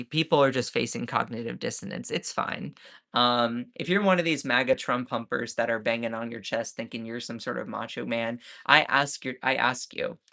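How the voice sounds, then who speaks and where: A sarcastic, mocking man rants through live-stream commentary. His voice is bright and sharp, and his pitch sits in a middle range. He talks to his chat in a loose, conversational way. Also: creaky. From Southern United States.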